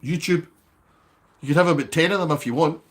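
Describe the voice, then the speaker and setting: A man's voice: a little high, brisk. A man hosting a live stream, chatting casually and bantering with viewers by name. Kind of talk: casual livestream chat reading viewer comments.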